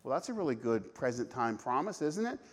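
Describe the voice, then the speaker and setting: A man's voice: medium pitch, very animated, fairly quick, breathy edge. A man preaching a sermon, emphatic, asking rhetorical questions and restarting his phrases often. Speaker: pastor.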